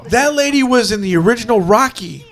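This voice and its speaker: A man's voice: extremely high pitch, expressive, fairly quick, a bit bright. A middle-aged man chatting casually while watching a film, telling stories and laughing often. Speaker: co-host reacting to a film. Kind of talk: casual watch-along chat.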